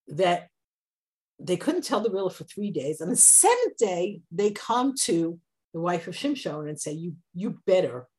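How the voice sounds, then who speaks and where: A woman teaching a Bible class, lively and conversational, jumping up high when she acts out quotes. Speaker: Torah teacher.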